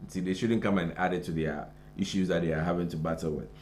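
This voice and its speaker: A man's voice: sits low, fairly even intonation, fast, darkish tone, slight background noise. A Ghanaian man co-hosting a morning show, reading headlines aloud and then commenting on them in casual chat. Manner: conversational, reads headlines then adds loose comment. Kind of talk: casual news review chat. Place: broadcast studio.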